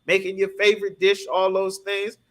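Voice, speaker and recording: A man preaching through a scripture lesson, emphatic and constantly checking that his listeners follow. His voice sits high for a man, bright and forceful. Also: completely flat delivery, moderate pace. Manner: emphatic, keeps asking "you understand?". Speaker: scripture class teacher.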